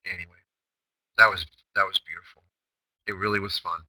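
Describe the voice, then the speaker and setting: A man's voice: low voice, steady tone, fairly quick, pushed and bright, dry recording, low-quality recording. Brash man hosting a trading chatroom. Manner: brash, emphatic, rhetorical questions, profanity. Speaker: day-trading chatroom host. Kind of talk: recorded trading session recap.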